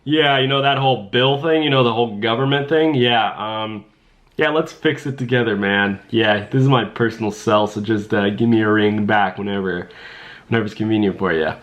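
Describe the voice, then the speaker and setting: A man's voice: lowish voice, moderate pace, fairly bright tone, muffled recording, close to an everyday voice. Man playing easygoing bro caller, slangy, offhand, rambling. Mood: laid-back. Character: laid-back bro dude on the phone.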